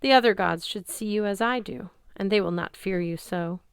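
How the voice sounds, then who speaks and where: A woman voicing a gentle Italian mother in her thirties, speaking with an Italian accent in a slow, soft, tender way. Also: medium pitch, gravelly, clear, resonant tone, dry recording, studio quality, close to an everyday voice.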